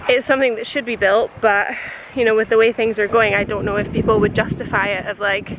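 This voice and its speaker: A woman vlogging on a beach, gushing and chatty as she thinks out loud into the camera. Her voice sits at an ordinary middle pitch. Heavy wind noise roars across the mic. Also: flat delivery, fairly quick. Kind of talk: casual travel vlog. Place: windy beach outdoors.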